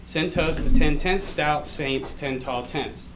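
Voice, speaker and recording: A man, a math teacher, slowly working through a tongue twister with joking asides. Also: fairly high pitch. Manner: slow, joking self-commentary. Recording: noisy live stream audio.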